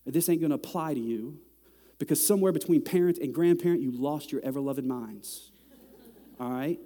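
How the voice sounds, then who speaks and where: A man's voice: fairly high pitch, brisk. Man preaching in a reverberant hall. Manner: conversational preaching, rising to loud exasperated peaks. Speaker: pastor. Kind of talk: sermon.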